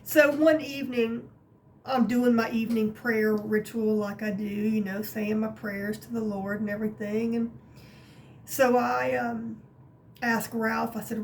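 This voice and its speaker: A woman vlogger telling a personal story in a chatty, animated way, with many fillers and some laughter, from her craft room at home. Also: a little high, unhurried, creaky, a little hiss or hum. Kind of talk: casual storytelling to camera.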